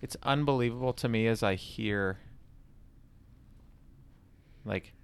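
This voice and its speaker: A man's voice: mid-range voice, takes it slowly, clean tone. A man hosting a podcast, listening and responding in a thoughtful, reflective way. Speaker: podcast host. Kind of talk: casual conversation.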